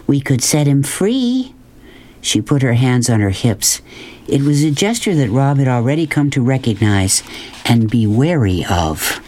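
A woman hosting a children's program, reading a novel aloud with measured, expressive storytelling. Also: a bass voice. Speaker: children's book reader.

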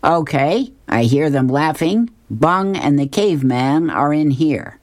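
A cautious knight from the funny pages, read out by a woman. He speaks low and slowly, a touch exasperated. The sound is dry and close. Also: expressive, a little mellow, dry recording. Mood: wary.

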